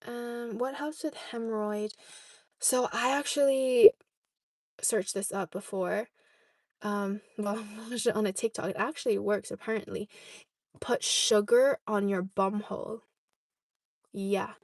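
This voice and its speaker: A woman's voice: mid-range voice, fairly even intonation, a little slow, pauses often, darkish tone, dry recording, studio quality. A young woman vlogger chatting casually, answering viewer questions and often checking in with "okay?". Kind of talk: casual chat.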